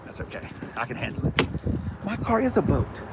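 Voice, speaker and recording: A man's voice: on the high side, very animated, fairly quick, gravelly, background noise. A middle-aged man joking and teasing as he shows cars around a car lot. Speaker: car dealership vlogger. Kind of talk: casual walkaround chat.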